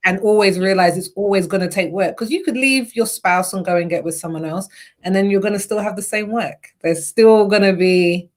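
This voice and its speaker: Speaking briskly at a medium pitch, this young UK woman is a podcast guest in a relaxed, animated conversation. When she quotes her own thoughts, she performs them.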